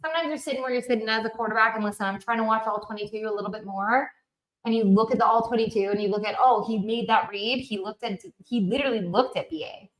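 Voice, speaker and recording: Loud-mouthed football fan lady from canada, swears a lot, fairly high voice. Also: fast, low-quality recording. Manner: brash, profane and emphatic, laughs often. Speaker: football fan show host. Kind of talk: casual sports opinion vlog.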